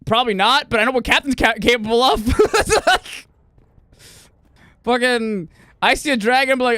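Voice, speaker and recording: A man chats casually while streaming a game, rambling, swearing and correcting himself mid-sentence. His voice is high and bright, with a crisp, clean tone. It swings around a lot in pitch, and the sound is dry and close to the mic. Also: lively intonation, moderate pace, pauses often, dry recording. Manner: rambling, profane, laughing, self-correcting. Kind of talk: casual gaming stream chat.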